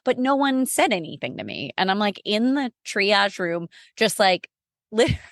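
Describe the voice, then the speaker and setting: A woman's voice: mid-range voice, unhurried, no echo. Frank, chatty woman on a dry mic. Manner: expressive, frank, self-mocking humor; chatty with frequent "like" fillers. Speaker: podcast guest. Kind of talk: casual conversational storytelling.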